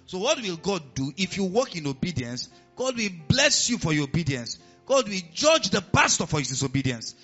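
Lively high-voiced Nigerian preacher. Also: male voice, moderate pace, few pauses, lo-fi sound, faint music behind. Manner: animated preaching with questions to the congregation. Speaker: pastor. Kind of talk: sermon.

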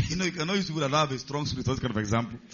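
A man's voice: mid-range voice, lively intonation, very fast, fairly bright tone, a little hiss or hum. A male pastor preaching a sermon, stressing key words and putting questions to the congregation. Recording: slightly muffled recording.

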